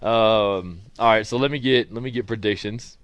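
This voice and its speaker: A man's voice: fairly low pitch, normal speed, dry recording. A man hosting a casual sports talk show, teasing his co-hosts and joking as he goes. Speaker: show host.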